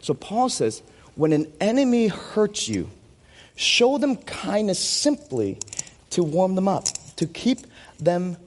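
A man's voice: high voice, big pitch swings, slow pace, in a large hall. A man preaching a sermon as pastor in a church, playful and joking with a volunteer on stage.

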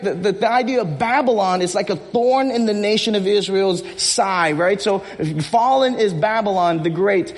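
A man preaching a sermon from the pulpit, animated and joking with his congregation. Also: high-pitched, moderate pace, few pauses, big-room sound. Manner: animated, energetic, acts out movie speeches with rising intensity; jokes with the congregation and repeats himself. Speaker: pastor. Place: church hall.

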